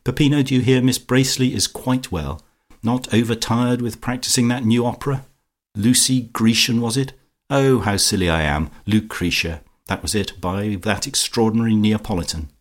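A man's voice: mid-range voice, normal speed, lightly acted. A man voicing an imperious, catty woman who rules village society, speaking with sugary, sarcastic malice in an audiobook. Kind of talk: audiobook character voice.

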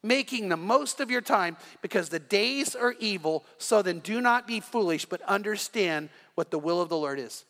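A man's voice: high voice, expressive, normal speed, hardly any pauses, a bit bright, in a large hall. A man preaching a sermon as the pastor, telling stories earnestly and often restarting his phrases. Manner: earnest storytelling with frequent repeated starts.

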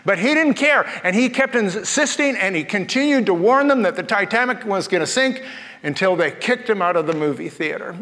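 Man with a high-pitched voice, pastor preaching in a sermon, folksy storyteller with jokes, reverberant hall. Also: lively intonation, moderate pace, a bit bright.

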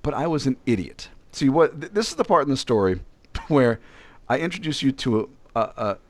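A man's voice: mid-range voice, animated, a little fast. A man from Virginia telling a personal story in casual chat, rambling and self-deprecating, with frequent restarts. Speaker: podcast co-host.

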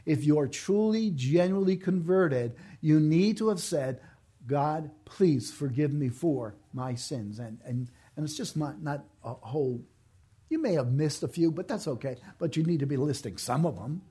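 A man preaching a sermon in a mellow, husky voice. He talks earnestly and with emphasis, repeating his main points to drive them home. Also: fairly high pitch, expressive, moderate pace. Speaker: pastor.

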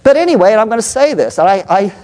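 A man's voice: high-pitched, very animated, fast talker, darkish tone. A middle-aged man, a pastor and psychologist, preaching a passionate, emphatic sermon and putting questions to the congregation.

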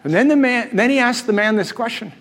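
A man with a high voice preaches to his congregation, mixing jokes and laughter into his storytelling. His voice rings out in a large church hall with a long reverb tail. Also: a little fast, a bit bright. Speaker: pastor. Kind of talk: sermon.

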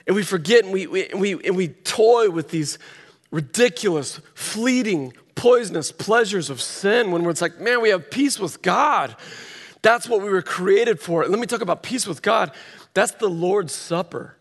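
A man's voice: sits high, expressive, normal speed. A man preaching a sermon, telling a story with dramatic voiced quotes. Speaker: pastor. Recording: long reverb of a large hall.

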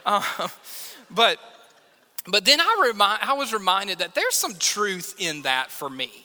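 Bright-voiced pastor in a reverberant hall. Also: male voice, high voice, big pitch swings, unhurried. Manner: conversational, self-deprecating preaching with acted quotes. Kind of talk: sermon. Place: church sanctuary.

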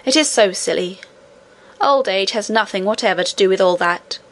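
A woman reading the part of an ancient, wise great-great-grandmother who speaks calmly and tenderly. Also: medium pitch, normal speed, natural voice. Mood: earnest. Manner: calm, tender, gently admonishing.

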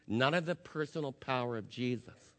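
A man preaching a sermon as pastor, impassioned, swinging from loud declarations to hushed, intense passages. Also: medium pitch, moderate pace. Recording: long hall reverb.

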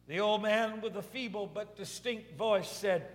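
A male pastor preaching a sermon with a fairly high voice. His delivery rises and surges in waves of conviction. The sound carries a long reverb, like a large church hall. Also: unhurried, few pauses. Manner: preaching with swelling intensity.

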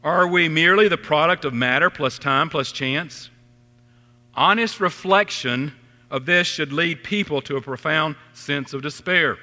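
Bright-voiced preacher in a big hall. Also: male voice, unhurried. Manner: earnest preaching, rising on questions and dropping low on scripture. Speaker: pastor. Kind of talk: sermon. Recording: long reverb of a large hall.

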